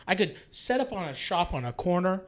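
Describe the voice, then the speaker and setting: A man from Canada in his late thirties, talking as a guest on a podcast. His voice sits high for a man. He rambles and restarts, swears a lot and leans on "like" constantly. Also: big pitch swings, a little fast. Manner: rambling and profane, full of filler "like"s. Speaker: guest chef. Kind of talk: casual podcast chat.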